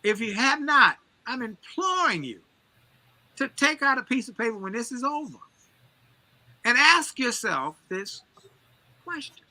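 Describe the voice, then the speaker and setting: A man speaking as a motivational guest, his voice piercingly bright and forceful. He builds his points through emphatic, sermon-like repetition. The sound is dry and close, with almost no room around it. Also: very high-pitched, very animated, measured pace, pauses often, dry recording. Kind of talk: energetic motivational storytelling.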